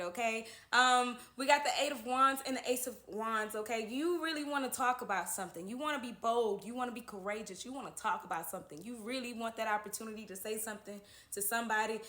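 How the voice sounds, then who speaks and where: A woman's voice: fairly high pitch, bright, forceful tone. Chatty woman reading tarot, echoey room. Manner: chatty, reassuring, keeps adding "okay?". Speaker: tarot horoscope reader. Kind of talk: casual tarot reading monologue.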